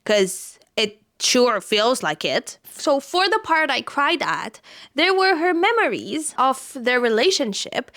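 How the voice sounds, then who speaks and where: A woman's voice: fairly high pitch, a bit bright. A young woman talking casually about a sad book, reading passages aloud and getting tearful and exasperated. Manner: emotional, tearful, exclaiming. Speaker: book reviewer.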